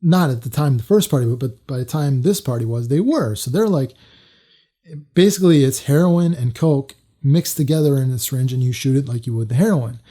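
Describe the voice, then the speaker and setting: A man's voice: mid-range voice, fairly quick, dark tone. A man telling a personal story to camera in a loose, casual way, full of fillers and restarts. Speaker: storytelling vlogger.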